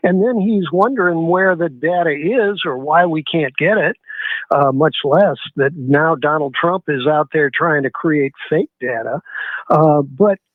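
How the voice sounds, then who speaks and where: A man calling in to a radio show, speaking haltingly with many pauses and fillers. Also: a little high, no echo. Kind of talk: phoned-in comment. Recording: tinny phone line.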